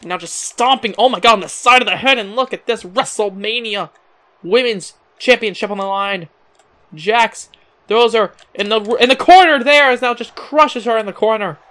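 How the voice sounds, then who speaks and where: This young amateur commentator covers a wrestling match blow by blow with a high voice at a moderate pace. Excitement makes his voice crack, and exclamations and chuckles pour out.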